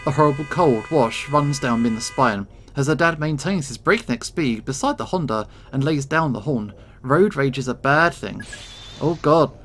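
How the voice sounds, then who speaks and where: A man hosting a let's play, reading the narration of a story game aloud in an expressive, dramatic way. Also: mid-range voice, normal speed, a little hiss or hum.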